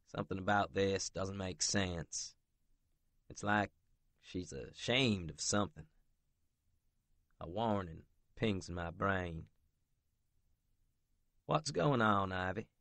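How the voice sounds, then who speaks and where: Deep-voiced man narrating slowly. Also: fairly even intonation, fairly bright tone, dry recording. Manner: brooding, blunt, profane. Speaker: audiobook narrator. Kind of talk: first-person romance narration.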